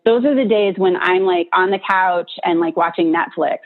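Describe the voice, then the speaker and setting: A woman therapist talks through a topic in a relaxed, chatty way, dropping "like" and "right?" as she goes. Her voice sits a little low. The audio is thin and tinny, like a phone line. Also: moderate pace. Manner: casual and chatty, many fillers and tag questions. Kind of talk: explaining a psychology topic.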